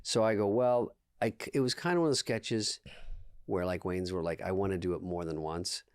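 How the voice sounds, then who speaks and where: A man telling deadpan anecdotes as a podcast guest, in casual chat full of quoted dialogue. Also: sits low, a little fast, clean tone, no echo, clean studio sound. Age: 20s.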